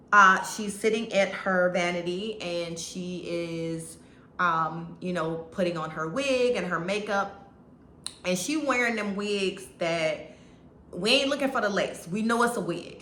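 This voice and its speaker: A woman's voice: on the low side, bright, forceful tone, slight background noise. A woman chatting through a movie review in a casual, rambling way, full of restarts and fillers. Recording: echoey room.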